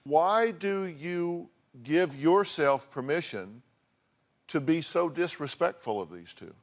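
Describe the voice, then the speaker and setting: Blunt older American talk show host. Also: male voice, a little high, animated, slow. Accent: Southern American. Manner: blunt, scolding, reads out figures. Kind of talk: confrontational talk show advice.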